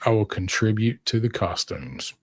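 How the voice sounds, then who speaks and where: A man's voice: on the low side, lively intonation, normal speed, dry recording, studio quality. A man co-hosting a casual toy show podcast, talking in a loose, rambling way with frequent restarts and fillers. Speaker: co-host.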